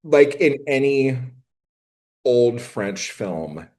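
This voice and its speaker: A man's voice: medium pitch, lively intonation, drawn-out words, warm tone. A man co-hosting a podcast, recapping a film in a crude, rambling, joking way. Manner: crude, rambling, jokey storytelling with acted-out quotes. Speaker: podcast co-host. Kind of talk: casual chat recapping a film.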